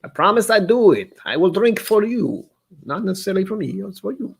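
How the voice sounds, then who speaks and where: A man's voice: high voice, sing-song, a little fast, gravelly, slightly rough, voice pushed up, exaggerated voice. A man putting on a goofy, hammy Italian-style accent in a playful bit.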